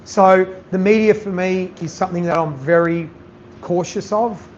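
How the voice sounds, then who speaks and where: Aussie chef bloke, blunt and swears a lot, pretty high voice, bit dull sound with faint hiss. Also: male voice, normal speed. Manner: blunt, animated, swears freely. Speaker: chef giving a masterclass. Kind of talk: candid talk to an audience. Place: event venue with audience.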